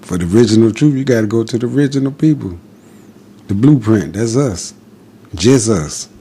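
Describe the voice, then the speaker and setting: Male podcast guest, husky mellow tone, defiant preaching delivery in short punchy lines. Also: medium pitch, moderate pace. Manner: defiant, preachy, repetitive declarations. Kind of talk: impassioned spoken monologue.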